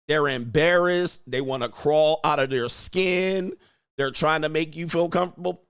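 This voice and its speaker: A man's voice: fairly high pitch, animated, normal speed, a bit bright, clean tone, dry recording, studio quality. A man hosting his own stream, giving blunt, mocking commentary while reacting to a clip. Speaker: host.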